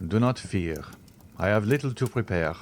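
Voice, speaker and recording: Brief: man doing an eager young nobleman; earnest, lively inflection, lowish voice. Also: normal speed, a little hiss or hum, close to an everyday voice. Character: young viscount, eager and devoted to his mother.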